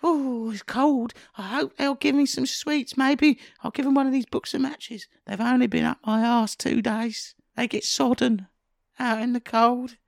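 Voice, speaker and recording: A man's voice: extremely high pitch, steady tone, measured pace, creaky, no room sound, clean studio sound, voice pushed up, exaggerated voice. A man voicing a poor, hungry Victorian street urchin boy, in an improvised comedy skit. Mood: chirpy. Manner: chirpy, exclaiming "ooh", mock-theatrical.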